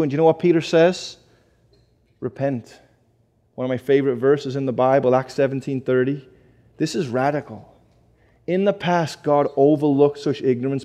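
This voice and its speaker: A middle-aged man preaching to a congregation, pressing his points with rhetorical questions and quick answers. His voice sits a little high for a man but has a dark, mellow tone. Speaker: pastor. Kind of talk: sermon.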